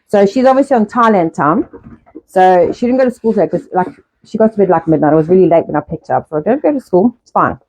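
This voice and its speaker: A middle-aged woman hosting a casual live stream, talking fast in a rambling way and swearing often. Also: lowish voice, expressive, darkish tone. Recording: dull lo-fi live-stream audio.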